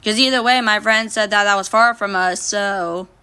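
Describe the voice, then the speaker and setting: A young woman streams casually from her phone, reading out what viewers comment and responding with blunt, heavily profane answers. Her medium-pitched voice is pushed and bright, clear and resonant, at a moderate pace.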